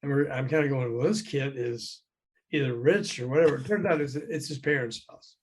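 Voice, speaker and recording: A man's voice: mid-range voice, a little fast, breathy edge. An older man, a former record promoter, tells anecdotes as a guest in a conversation over a call. He acts out the voices of the people he quotes and chuckles often. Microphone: remote call.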